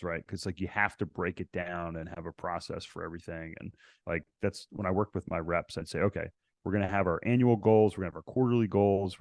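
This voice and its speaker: Guy on a podcast, lowish voice, really dry sound, gets animated acting out old convos. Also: no room sound. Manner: animated, acts out past conversations. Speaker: podcast guest, real estate investor. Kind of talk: casual interview storytelling.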